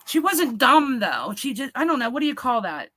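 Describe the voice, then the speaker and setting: A middle-aged woman co-hosting a podcast, telling a family story in an animated, swearing way and acting out the quotes. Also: high-pitched, moderate pace, dry recording. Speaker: podcast co-host. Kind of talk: casual storytelling chat. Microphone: podcast mic, remote stream.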